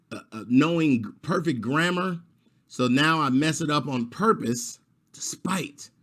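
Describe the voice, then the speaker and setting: A middle-aged man performing a stand-up comedy set over a video call, animated and quick to slip into high voices. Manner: animated, jumps into high squeaky voices for teachers.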